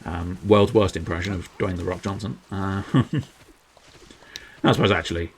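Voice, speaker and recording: A man's voice: deep voice, measured pace, long pauses, slight background noise. A young man streaming a video game, chatting casually and breaking into silly made-up rhymes and jingles. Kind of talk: casual gameplay commentary.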